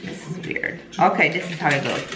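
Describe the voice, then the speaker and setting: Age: unknown. Sex: woman. Role: mom vlogger baking with her toddlers. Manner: coaxing, quick instructions, laughing. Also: deep voice, echoey room, over music. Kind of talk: casual chat with her toddlers while baking. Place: home kitchen.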